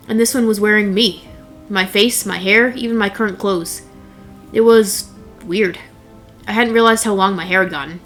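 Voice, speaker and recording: A woman's voice: medium pitch, vocal fry, fairly bright tone. A young woman narrating a first-person horror story in a wry, blunt, casually profane way.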